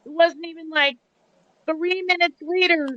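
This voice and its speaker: Chatty high-voiced woman telling stories. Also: steady tone, unhurried, pushed and bright, no room sound, dull audio. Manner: chatty, laughing storyteller. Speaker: live-stream guest, former take-home chef. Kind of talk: casual group chat and joke telling.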